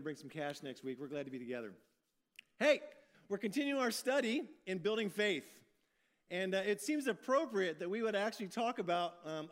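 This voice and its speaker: A man preaching a sermon in a folksy, upbeat way, often restarting his phrases. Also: high-pitched. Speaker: pastor.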